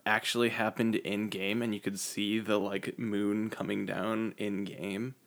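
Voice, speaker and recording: A man co-hosting a casual podcast, talking in a halting way with many fillers and restarts. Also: on the low side, level tone, vocal fry, a bit bright. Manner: hesitant, lots of fillers and restarts. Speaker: podcast co-host.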